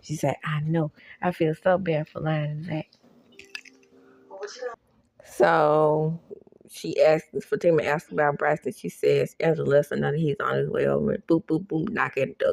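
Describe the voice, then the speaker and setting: A woman's voice: deep voice, normal speed, vocal fry, darkish tone, dry recording, clean studio sound. A woman recapping a TV episode in a casual, sassy way, laughing often and acting out the characters' lines. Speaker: recap host. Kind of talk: casual show recap with reactions.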